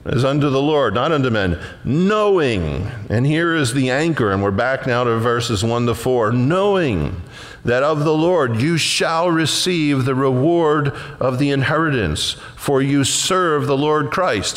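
A man preaching a sermon as a pastor, folksy and conversational, rising into loud emphatic passages. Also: medium pitch, moderate pace. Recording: long hall reverb.

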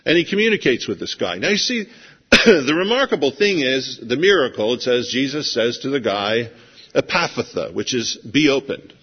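Husky-voiced preacher in a reverberant hall. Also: male voice, medium pitch, big pitch swings, moderate pace. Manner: conversational storytelling, acts out scenes. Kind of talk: sermon. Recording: dull lo-fi sound with long hall reverb.

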